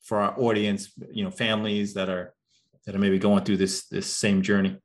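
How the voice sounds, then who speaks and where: A man co-hosting an interview, asking a closing question gently and with some hesitation. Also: on the low side, little pitch movement, normal speed. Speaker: podcast co-host.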